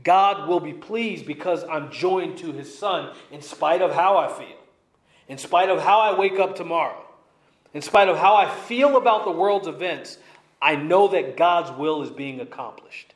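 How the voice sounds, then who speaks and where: Emphatic preacher with a raised pitch. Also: male voice, a little slow, echoey room. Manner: emphatic, repeats key lines. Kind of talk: expository sermon.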